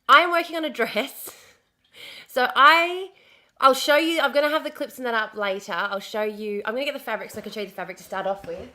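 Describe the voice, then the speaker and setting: Woman streamer, chatty and bubbly, high and bright, slightly hoarse. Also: brisk. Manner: chatty, bubbly greetings, swears casually. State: recovering from lost voice, slightly hoarse. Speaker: livestream host. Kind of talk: casual livestream chat.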